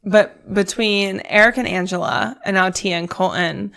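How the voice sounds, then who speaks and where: A woman's voice: mid-range voice, normal speed, vocal fry, a bit bright. A woman co-hosting a podcast, chatting casually and emphatically about a reality show. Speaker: podcast co-host.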